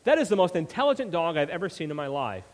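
A preacher doing an amused butcher in a big echoing hall. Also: male voice, fairly high pitch, sing-song, fast talker. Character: amused New York butcher, grown man.

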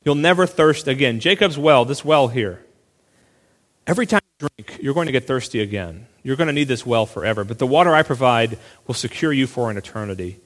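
A male pastor preaching a sermon in a relaxed, conversational way, full of asides and quick restarts. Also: mid-range voice, big-room sound.

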